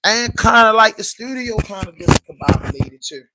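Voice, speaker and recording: A man's voice: high voice, animated, moderate pace, very noisy. A man hosting his own podcast vlog from home, chatting casually and rambling straight to his viewers. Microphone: portable camera.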